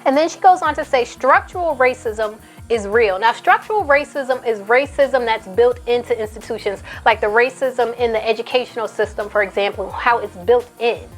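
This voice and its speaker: An outspoken woman talks in a casual commentary style and hammers her points home by repeating them. Her voice sits fairly high. Faint music plays under her. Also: normal speed, few pauses. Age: adult, a mother. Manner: outspoken, emphatic, repeats for emphasis. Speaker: commentary YouTuber. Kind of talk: casual commentary, reading tweets aloud.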